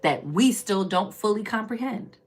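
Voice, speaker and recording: A tarot reader on a live stream delivers an animated, casual spiritual reading at normal speed. Chatty and preachy, she calls people "baby" and "y'all," veering between loud emphatic bursts and soft murmurs.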